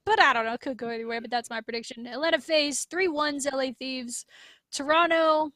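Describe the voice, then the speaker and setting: A woman hosting a podcast, upbeat and chatty with quick asides. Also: sits high, a bit bright, dry recording. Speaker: podcast host. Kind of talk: casual podcast chat.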